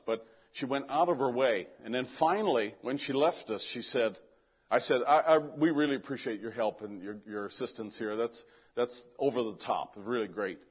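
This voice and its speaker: A man's voice: mid-range voice, slightly rough, dull audio. Older man telling a rambling story. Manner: rambling, animated, repeats words while telling. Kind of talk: casual personal story.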